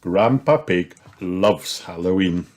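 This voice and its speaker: A man reading a children's storybook aloud as narrator, slow, clear and expressive. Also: deep voice. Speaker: storybook reader. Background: soft music.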